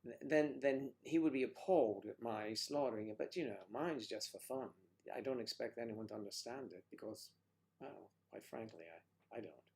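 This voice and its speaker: A man's voice: medium pitch, normal speed, creaky, darkish tone. An older man co-hosting a casual livestream chat, playful and teasing, joking about mangling Spanish. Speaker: livestream co-host.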